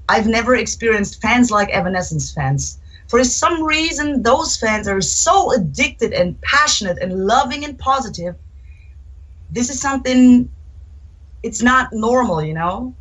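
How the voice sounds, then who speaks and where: A woman's voice: medium pitch, slightly rough, rough recording. Chatty woman guitarist in an interview. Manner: chatty, animated storytelling with acted-out quotes. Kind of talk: casual interview answers.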